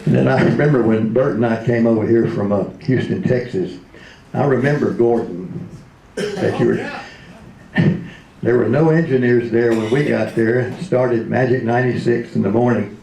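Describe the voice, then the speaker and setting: A man's voice: mid-range voice, normal speed, vocal fry, warm tone, a little hiss or hum. A man in his seventies, a retired radio DJ, telling comic stories in a speech, laughing often and slipping into voices. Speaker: retired radio DJ, convention speaker. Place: convention hall. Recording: roomy hall.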